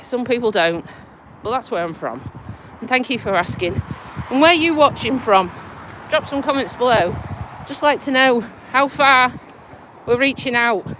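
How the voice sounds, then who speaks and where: On a live stream by a tidal river bridge, a Lincolnshire vlogger and community nurse walks and chats bluntly in her Lincolnshire accent, swearing casually while breathless and stuffy from a cold. Her voice is a little high and a bit bright, with a little hiss or hum.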